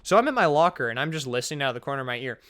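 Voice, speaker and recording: A young man in his twenties telling a funny school story in casual vlog chat, full of fillers, and he jumps up high for exclamations. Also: big pitch swings, very fast, fairly bright tone. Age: young adult. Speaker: storytelling vlogger.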